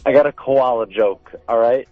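A man's voice: mid-range voice, moderate pace, dry recording, faint music behind. A man calling into a radio show and telling a long joke, acting out the characters. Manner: animated storyteller, voices the characters. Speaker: caller. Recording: tinny dry phone line.

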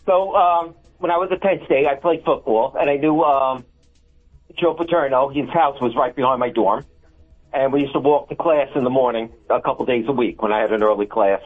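A man's voice: mid-range voice, normal speed, slightly rough, faint music behind. A man calling a radio show who hesitantly tells a joke about his college days. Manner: hesitant, lots of ums. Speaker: caller. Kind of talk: telling a joke on the phone. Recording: tinny phone line.

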